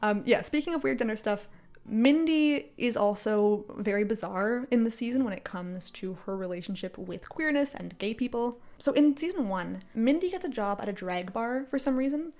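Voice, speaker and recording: A woman's voice: on the high side, lively intonation, normal speed, few pauses, darkish tone. A woman ranting casually about a TV show from her apartment, exasperated and sarcastic, laughing often. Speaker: video creator. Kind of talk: casual commentary rant. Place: apartment, indoors. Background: faint cafe music.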